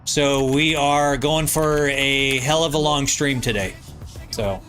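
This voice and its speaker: A man's voice: medium pitch, steady tone, takes it slowly, fairly bright tone, faint music behind. A man with a nasal voice, live-streaming from his home basement, reading viewer comments aloud and answering in loose, rambling casual chat.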